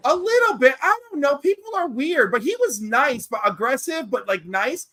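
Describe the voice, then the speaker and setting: A man chatting casually on a panel, telling lively stories and acting out what people said. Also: very high voice, normal speed, dry recording. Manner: animated storyteller, acts out quoted voices. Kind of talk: casual chat.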